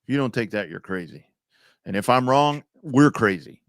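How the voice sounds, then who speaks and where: A man's voice: mid-range voice, lively intonation, normal speed, no room sound, clean studio sound. A male sports talk co-host, chatty and joking, with casual swearing.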